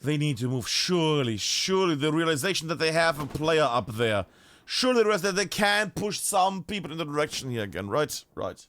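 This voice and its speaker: High-pitched German man casting a game. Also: fairly quick. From northern Bavaria, Germany. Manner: chatty, animated, swears casually. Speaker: esports caster. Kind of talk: live game commentary.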